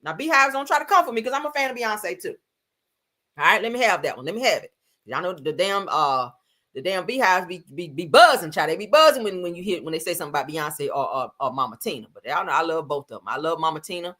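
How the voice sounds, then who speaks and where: Sassy, chatty woman with lively swings. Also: lowish voice, fast talker. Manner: chatty, sassy, addresses viewers as y'all and honey. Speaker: celebrity gossip streamer. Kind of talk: casual chat.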